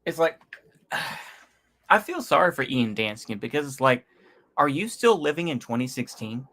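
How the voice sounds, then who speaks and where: Speaking at a normal pace in a medium-pitched, sing-song voice that sounds pushed and bright, this YouTuber rambles through a casual reaction. He uses plenty of slang and keeps sighing and laughing to himself.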